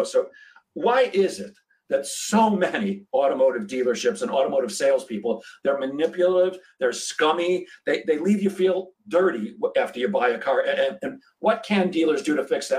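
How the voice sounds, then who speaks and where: A man's voice: medium pitch, distant mic, low-quality recording. A man hosting a podcast interview, telling a story casually and acting out the dialogue. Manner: animated, acts out quoted dialogue. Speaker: podcast host. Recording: voice set back from the mic.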